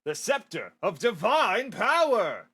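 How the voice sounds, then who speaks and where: A man voicing a proud, boastful male museum manager in a storybook reading, with showy, drawn-out proclamations. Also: sits high, sing-song, fairly bright tone.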